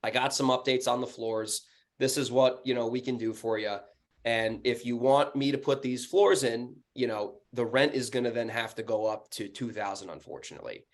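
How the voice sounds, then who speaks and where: A man with a New York accent, co-hosting a real estate podcast and telling animated, profane stories in casual chat. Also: medium pitch, moderate pace. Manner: animated, profane, acts out heated phone calls in a raised voice.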